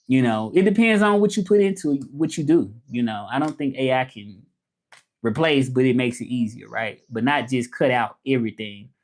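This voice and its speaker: A man's voice: mid-range voice, moderate pace. A man with a Southern US accent, chatting casually on a livestream and answering viewers as he talks about languages and interpreting.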